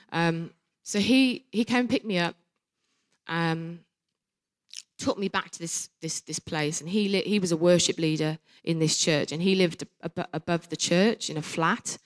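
A woman's voice: on the low side, unhurried. Earnest woman sharing a testimony. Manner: earnest and candid, often trailing off softly. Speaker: church speaker sharing testimony. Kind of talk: personal testimony.

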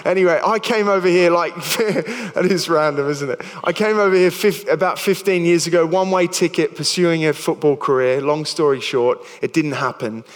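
A man's voice: fairly high pitch, normal speed, hardly any pauses, in a large hall. A man in his thirties with an Australian accent, preaching a sermon in a chatty, stumbling way with self-deprecating jokes. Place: church hall.

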